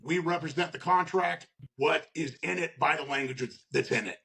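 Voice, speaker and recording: A man with a somewhat high, gravelly voice talks shop as a union steward guest on a casual podcast. He is blunt and salty, and he drives his points home with repeated "okay?" checks. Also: moderate pace, pushed and bright. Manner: blunt, profane, tags lines with "okay?"; acts out workplace scenarios in quoted voices.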